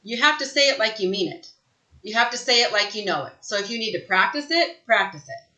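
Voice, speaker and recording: A woman's voice: mid-range voice, expressive, fairly quick, sharp tone, roomy sound, poor audio. A woman coaching real estate agents in a live training session, talking emphatically and often checking in with "right?".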